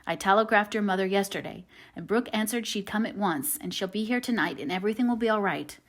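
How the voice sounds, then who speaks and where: A woman reading the part of a kind, boyish teenage boy in an audiobook, in her own voice, earnest and quick when excited. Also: mid-range voice, close to an everyday voice. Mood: eager.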